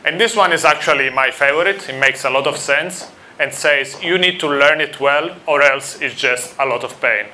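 A man's voice: fairly high pitch, moderate pace, hardly any pauses, sharp tone, slight background noise. A man from Italy with an Italian accent, giving a friendly conference talk to a live audience and asking them questions. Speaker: conference speaker.

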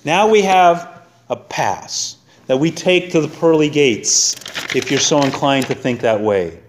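A man's voice: fairly high pitch, a little slow, a little hiss or hum. A middle-aged man preaching a sermon in a church, folksy and conversational, mixing scripture with everyday stories. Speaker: pastor. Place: church sanctuary.

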